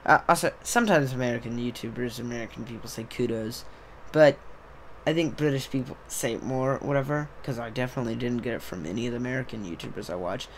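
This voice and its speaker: This young podcast host talks fast at a medium pitch in a loose, rambling monologue that trails off and restarts as he interrupts himself. A little hiss or hum is audible.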